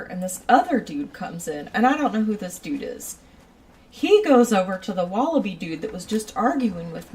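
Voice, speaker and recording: A woman's voice: medium pitch, far from the mic, a little hiss or hum, low-quality recording. Woman telling a work story, off-mic. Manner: animated, acts out customers' voices, laughs often. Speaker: retail shoe store worker. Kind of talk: casual storytelling.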